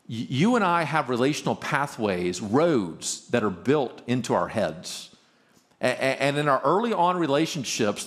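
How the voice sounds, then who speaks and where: Animated middle-aged male preacher. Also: medium pitch. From Arkansas. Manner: earnest, emphatic, stumbles and repeats openings. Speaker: pastor and marriage speaker. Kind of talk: conference talk, preaching.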